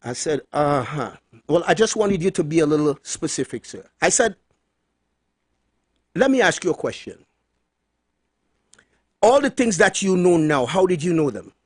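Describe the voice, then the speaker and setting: A man hosting a radio talk show, retelling a phone call in an animated way and repeating key words for emphasis. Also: a little high, moderate pace, pauses often, breathy edge, no room sound, clean studio sound.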